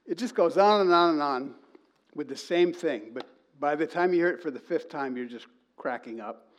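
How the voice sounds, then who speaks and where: A man with a slightly high voice preaches a sermon to his congregation, animatedly telling a story and reading quoted lines in a slow sing-song.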